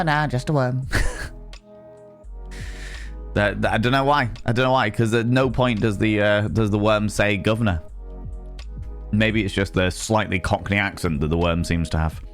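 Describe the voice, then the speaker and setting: A man chatting casually with his viewers on a live stream, greeting them by name and rambling playfully between topics. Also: lowish voice.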